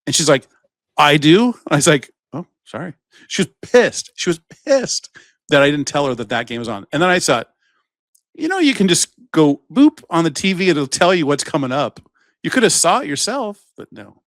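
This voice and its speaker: A man's voice: on the high side, brisk, no room sound. Dry, rambling male podcast co-host. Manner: rambling storyteller, animated when retelling events. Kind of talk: casual chat.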